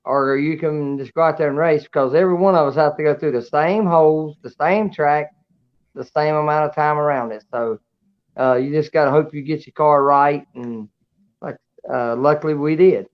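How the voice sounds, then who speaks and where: A man's voice: a little high, moderate pace. A man, a race-winning guest, talking casually and plainly over a video call. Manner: folksy, plain-spoken. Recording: dull, muffled call audio.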